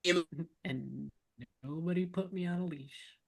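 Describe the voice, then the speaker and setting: A woman playing a tabletop game, speaking in a slow, quiet and wry way. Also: on the low side, creaky. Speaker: player. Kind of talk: casual tabletop game play.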